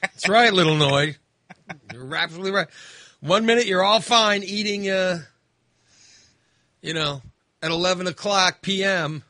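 A man's voice: high-pitched, unhurried, long pauses, sharp tone, dry recording. A man chatting casually as host, rambling with lots of fillers and restarts. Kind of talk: casual chat.

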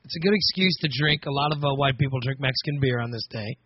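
A middle-aged American man hosting a casual comedy podcast, rambling and sarcastic, now and then breaking into loud mocking voices. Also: medium pitch, quick pace, slightly rough, lo-fi sound. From United States. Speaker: podcast host.

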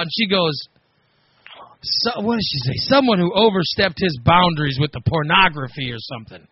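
A man's voice: high-pitched, animated, brisk, breathy edge, muffled recording. A man on a podcast telling a story in a casual chat, acting out the quoted lines and laughing as he goes. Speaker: podcast co-host.

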